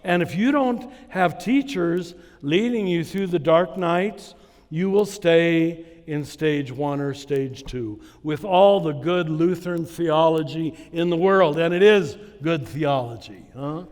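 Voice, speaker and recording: A man giving a spiritual conference talk to a live audience. He tells stories at an unhurried pace and chuckles at his own anecdotes. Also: fairly high pitch, darkish tone, long reverb tail. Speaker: conference speaker. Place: large hall with a live audience.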